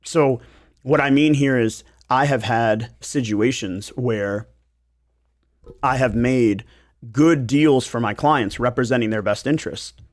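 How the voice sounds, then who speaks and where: A man's voice: mid-range voice, takes it slowly. A man who hosts a podcast as a realtor, talking in a loose, rambling, joking way in a studio. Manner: animated, rambling, jokey. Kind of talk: casual podcast chat.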